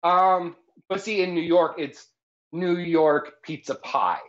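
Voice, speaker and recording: A man's voice: a little high, takes it slowly. Guy cohosting a silly cooking stream, talks like a know-it-all teacher, kinda muffled lo-fi sound. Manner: mock-authoritative, keeps tagging lines with "all right?". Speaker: cooking show co-host. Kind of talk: jokey live cooking stream chat. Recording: slightly dull lo-fi stream audio.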